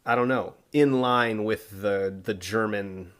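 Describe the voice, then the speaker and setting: Guy telling a history story on a podcast, kinda low voice, laid back with lots of "you know"s. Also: takes it slowly. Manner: relaxed storytelling with fillers and asides. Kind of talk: casual history podcast narration.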